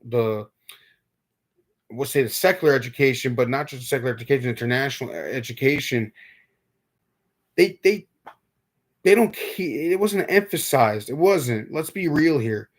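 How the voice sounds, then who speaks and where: A young man from New York talking casually on a live stream, rambling, stumbling over repeated words and answering viewers. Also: medium pitch. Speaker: livestream host.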